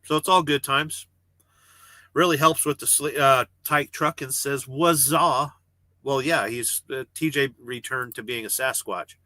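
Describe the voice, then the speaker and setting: A man hosts a casual livestream from the cab of his parked truck and reads out viewer comments. He rambles and jokes, cursing freely. His voice is bright and tense, and it sounds dry and close. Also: medium pitch, a little slow, no echo. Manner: rambling, joking, swears freely. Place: parked truck cab with refrigerated trailer running.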